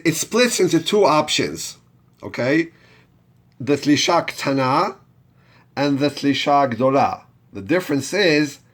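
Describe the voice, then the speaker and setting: A man teaching a step-by-step chanting lesson, patiently talking learners through each step and having them repeat after him. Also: mid-range voice. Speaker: Torah reading teacher.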